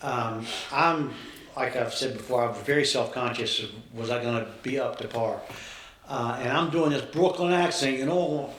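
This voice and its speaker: A man's voice: mid-range voice, normal speed, a bit bright. A man from South Carolina with a South Carolina accent, a guest actor modestly telling stories in a casual podcast chat. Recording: echoey room with faint noise.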